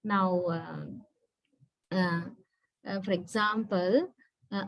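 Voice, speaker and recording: Sri Lankan woman lecturer, fairly high voice, dry close sound, patient and explanatory, keeps asking "right?". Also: animated, measured pace, no echo, rough recording. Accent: Sri Lankan English. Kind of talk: online university lecture.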